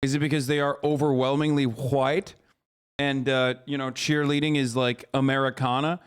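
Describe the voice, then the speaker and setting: A man's voice: medium pitch, flat delivery, normal speed, clear, resonant tone. A man in his thirties from the United States, reacting to a clip on a live stream in a loose, incredulous, mocking and profane way. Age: 30s. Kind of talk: casual live-stream commentary.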